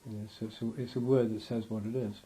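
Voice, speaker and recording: A man's voice: fairly low pitch, flat delivery, quick pace, crowd noise. Rambling man in a loose interview. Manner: rambling, restarts, acts out quotes with laughs.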